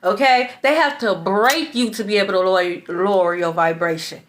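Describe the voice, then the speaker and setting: A woman's voice: mid-range voice, normal speed. A woman giving a spiritual tarot reading in a blunt, preachy way. She swears, laughs in scorn and keeps asking "okay?". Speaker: tarot reader.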